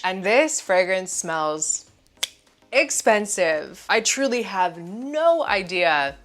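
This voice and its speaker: A woman's voice: fairly low pitch, a bit bright. A woman hosting her own channel, giving an enthusiastic, chatty review of perfumes and often saying "like" as a filler. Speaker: fragrance reviewer. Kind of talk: casual product review to camera.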